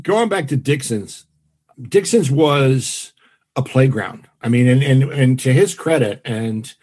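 Husky-voiced man reminiscing warmly. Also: mid-range voice, animated, slow pace. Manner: nostalgic, easy reminiscing. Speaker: comedian. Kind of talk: casual reminiscing chat.

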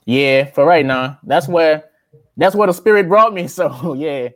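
A man's voice: a little high, measured pace, no room sound. A young man with a Louisiana accent, chatting casually as an interviewee, laid-back and drawling, often calling the listener man or brother. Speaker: interviewee, aspiring rapper.

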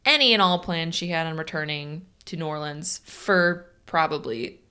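A woman's voice: deep voice, moderate pace, pushed and bright, clear, resonant tone. A woman co-hosting a chatty podcast, reading out history with frequent laughs. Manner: laughs often, reads facts aloud. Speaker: podcast co-host. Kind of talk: casual chat, reading a story.

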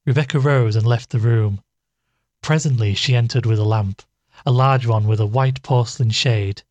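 A man narrating a classic ghost story in a measured storytelling manner. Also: mid-range voice, a little mellow, no echo, dull audio.

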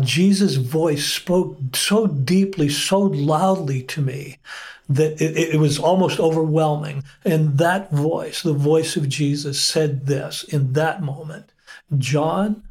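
A middle-aged male pastor telling his personal testimony as an interview guest, earnest and unhurried, with frequent pauses. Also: a little high, a little mellow.

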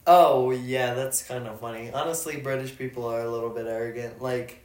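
A man from the United States co-hosts a casual podcast chat, telling stories in an animated way and slipping into the voices of the people he quotes. His pitch sits in the middle, and the echoey room rings around him. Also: a little fast. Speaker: podcast co-host.

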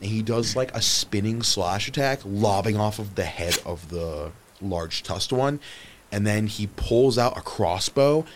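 A man running a tabletop game as game master, narrating with animated storytelling that swings between hushed and loud. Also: fairly low pitch, measured pace, background noise.

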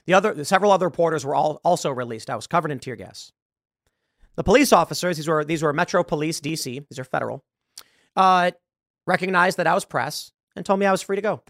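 A man's voice: on the high side, fast, a bit bright, no room sound, studio quality. A man hosting a podcast, telling a long story and acting out the dialogue. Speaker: show host. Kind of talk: podcast monologue.

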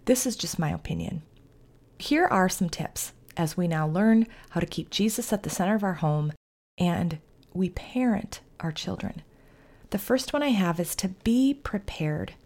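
A middle-aged woman hosting a podcast, giving calm, earnest, faith-based parenting advice in an instructive way. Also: medium pitch. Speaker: podcast host, family therapist.

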